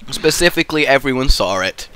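A man's voice: mid-range voice, lively intonation, a little fast, a crowd in the background. A man commentating a game in casual banter, teasing and laughing a lot, with a frog in his throat. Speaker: gaming commentator.

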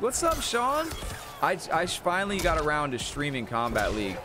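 Streaming a fighting game live, a man chats in a laid-back way with viewers, thanking them and telling stories between matches. His voice is fairly high and sing-song, a little fast, against a noisy background.

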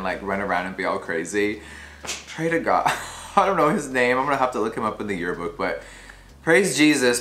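Man, beauty vlogger, sassy, giggly, lively swooping pitch, roomy hotel room sound. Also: slight background noise. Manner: sassy, giggly, swears casually. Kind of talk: casual chat to camera.

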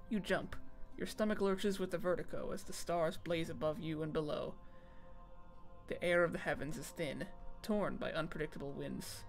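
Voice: medium pitch, moderate pace, gravelly, soft background music. A streamer reading game text aloud on a casual stream, often stumbling over words and making fun of themself.

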